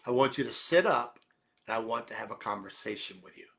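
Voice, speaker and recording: A man voicing a calm, gentle divine voice. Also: medium pitch, a little fast, gravelly, pitched below the performer's own voice.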